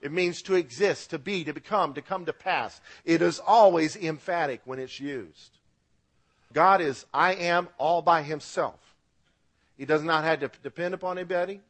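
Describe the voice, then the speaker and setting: A man's voice: a little high, moderate pace, fairly bright tone. A man preaching a radio sermon as pastor, with emphatic rises and drops, asking the congregation to repeat words after him.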